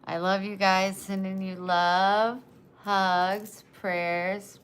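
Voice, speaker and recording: A woman's voice: medium pitch, flat delivery, very slow, a bit bright, slight background noise. A woman in her forties chatting casually on a livestream, greeting viewers and reading their comments aloud. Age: 40s. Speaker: livestream host.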